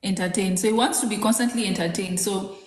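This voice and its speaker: A woman in her thirties from Kenya talks through parenting in a loose, chatty way, full of "um" and "like". Her voice sits at a middle pitch. The room around her sounds echoey. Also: steady tone, quick pace. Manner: chatty, rambling, many fillers. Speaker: podcast co-host. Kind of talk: casual chat.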